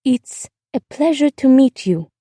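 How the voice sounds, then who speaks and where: A timid, earnest ten-year-old girl from a storybook, speaking in a raised, hesitant voice, as a woman narrator puts her on. Her words come slowly and carefully. The recording is close and dry, with no room sound. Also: sits high, lively intonation, mellow, dry recording, voice pushed up. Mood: shy, tentative.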